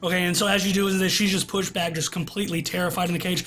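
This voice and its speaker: A man acting as game master, narrating a tabletop game in a relaxed, descriptive way over a voice call. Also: high-pitched, brisk, few pauses, faint music behind. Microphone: online voice call.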